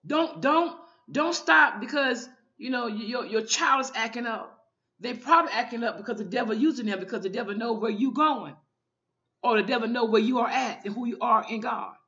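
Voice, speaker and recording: A woman's voice: on the high side, moderate pace, bright, forceful tone, dull audio. A woman minister giving an informal online sermon, fervent and often repeating her calls to the listener.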